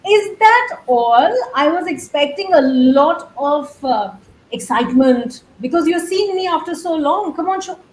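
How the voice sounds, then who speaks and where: A woman's voice: sits high, moderate pace, roomy sound, slight background noise, poor audio. A woman hosting a talk show interview, chatty, effusive and playful as she introduces and questions her guest. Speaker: host.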